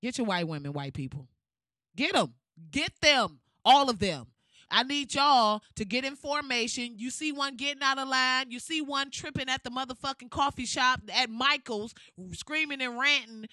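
A woman's voice: high voice, normal speed, pushed and bright, no echo. A woman giving casual ranting commentary in a blunt, profane, fired-up way.

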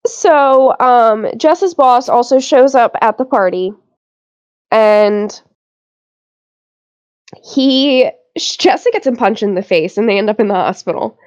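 A woman co-host in loose, casual chat, her voice sitting a little high. She laughs easily and swears without a second thought. The sound is dull and lo-fi. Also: animated, slow, pauses often, a little mellow. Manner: laughs often, many fillers, swears casually. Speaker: podcast co-host. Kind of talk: casual chat recapping a TV episode.

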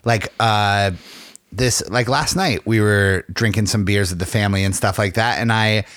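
A man's voice: on the low side, normal speed, a bit bright, dry recording, clean studio sound. A young man co-hosting a casual podcast, rambling with lots of fillers, joking and swearing. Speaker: podcast co-host.

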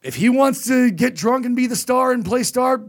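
A man's voice: very high voice, lively intonation, normal speed. A man, a comedian, telling a rambling story in casual podcast chat, acting out quotes as he goes.

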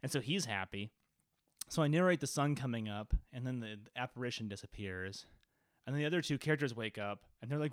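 A man's voice: medium pitch, lively intonation, fairly quick, no echo, clean studio sound. A man who is a game master, recounting a tabletop session in casual podcast chat, rambling with lots of "like" fillers and swearing. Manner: rambling, profane, full of "like" fillers.

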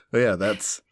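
A man co-hosting a casual anime podcast from the United States, chatting in a laid-back way and laughing often. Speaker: podcast co-host. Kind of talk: casual chat.

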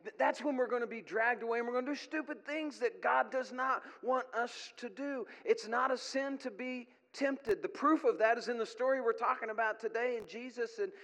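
A middle-aged male pastor preaches in a high, bright voice, earnest and plain-spoken with folksy asides. His sermon rings out with a long reverb from a church hall. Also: normal speed, few pauses.

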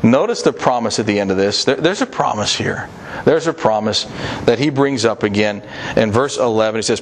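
A man's voice: fairly low pitch, fairly quick, slight background noise. A man preaching a sermon, reading scripture and urging listeners in an earnest, repetitive way.

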